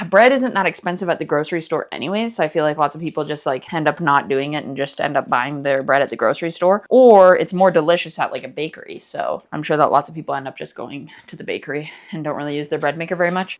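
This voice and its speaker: A woman's voice: low-pitched, fast, few pauses. Goofy, rambling woman vlogger. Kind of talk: casual cooking vlog. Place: home kitchen.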